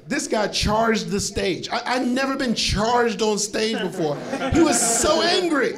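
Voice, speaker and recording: Guy from florida doing standup, kinda high voice, laughing crowd all around him. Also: a little slow, few pauses. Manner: animated storytelling with acted-out quotes and laughing asides. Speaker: stand-up comedian. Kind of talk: stand-up comedy set. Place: comedy club stage before a live audience. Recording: live club recording with crowd laughter. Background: audience laughter.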